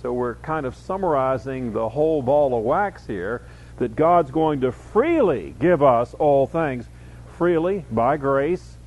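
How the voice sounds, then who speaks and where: A man teaching a Bible study lecture, explaining words slowly and reading verses aloud with added emphasis, often pausing with fillers. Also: medium pitch, animated, a little mellow, lo-fi sound.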